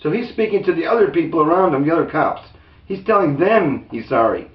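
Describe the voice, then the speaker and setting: A man's voice: fairly high pitch, expressive, a little fast, distant mic. An indignant man delivers an unscripted, rambling rant with plenty of restarts, and his voice climbs when he quotes others. He sits back from the mic in a roomy space. The sound is dull and lo-fi. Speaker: video commentator. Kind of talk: angry unscripted commentary.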